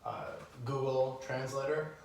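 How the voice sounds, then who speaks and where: A man drawling through stories at an unhurried pace, dry and crude in his humor. He sounds well away from the mic, with the room echoing around him. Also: medium pitch, a little hiss or hum. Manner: slow, deadpan storytelling with crude humor. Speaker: podcast co-host. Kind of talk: casual chat. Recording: echoey room, mic at a distance.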